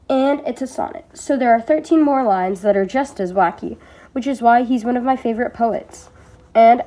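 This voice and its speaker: A teenage girl reads a nonfiction book aloud in a homemade audiobook, her voice pitched a little high. She keeps a steady reading pace but sometimes trips over a word and starts it again. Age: teens. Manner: reads steadily, stumbling and restarting on words. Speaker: reader.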